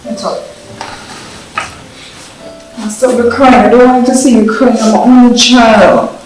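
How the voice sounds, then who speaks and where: A woman's voice: on the high side, fairly even intonation, measured pace, roomy sound, faint music behind, close to an everyday voice, poor audio. An actress playing a stern but loving mother who scolds and then forgives her only daughter. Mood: tender. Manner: scolding, pleading, then soft and tender. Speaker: actor in a drama. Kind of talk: film drama acting.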